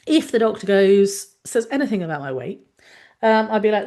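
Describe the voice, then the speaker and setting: A woman doctor hosting a talk, explaining frankly in a chatty way with lively asides. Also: medium pitch, moderate pace. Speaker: doctor and podcast host.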